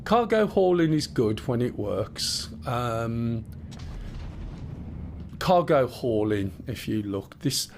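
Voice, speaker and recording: Guy streaming a game, rambly chat, explains as he goes, mid pitch. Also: sing-song, slow, a little hiss or hum. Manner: rambling, chatty, explains as he plays, mild swearing. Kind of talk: live gameplay stream chat.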